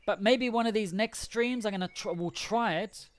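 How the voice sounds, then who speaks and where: A man's voice: sits high, moderate pace. A man chatting casually on a game livestream, rambling, joking and correcting himself as he goes. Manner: rambling, jokey, self-correcting. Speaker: game streamer.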